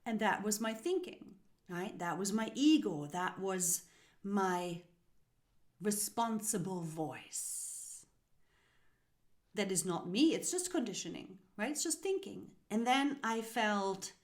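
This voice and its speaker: A woman hosting a spiritual self-help podcast, talking in a slow, soothing, guiding way that sometimes drops into soft whispers. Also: medium pitch, lively intonation. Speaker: podcast host.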